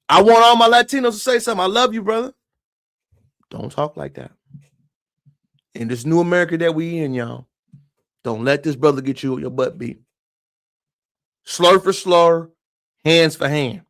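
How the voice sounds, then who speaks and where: A man giving impassioned live-stream commentary, emphatic and preachy, who keeps calling his viewers y'all. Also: a little high. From moved to Texas from elsewhere.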